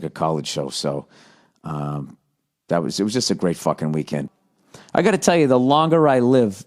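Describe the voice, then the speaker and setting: A man's voice: lowish voice, darkish tone. Profane, rambling middle-aged man. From United States. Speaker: podcast host. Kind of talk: casual monologue.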